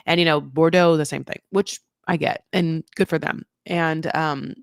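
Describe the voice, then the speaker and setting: A woman's voice: sits low, moderate pace, gravelly, hardly any pauses, no echo, studio quality. Chatty sarcastic woman recapping TV. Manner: rambling, sarcastic, animated asides. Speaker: recap host.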